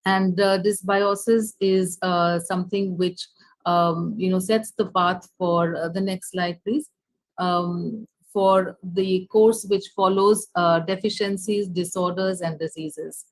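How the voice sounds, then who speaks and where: This is a woman with an Indian English accent lecturing over a video call. Her voice sits a little low and sounds close and dry. She speaks haltingly, filling pauses and restarting her sentences. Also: flat delivery, no echo, rough recording. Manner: hesitant, many fillers and restarts. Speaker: nutritionist giving a lecture. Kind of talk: online lecture with slides.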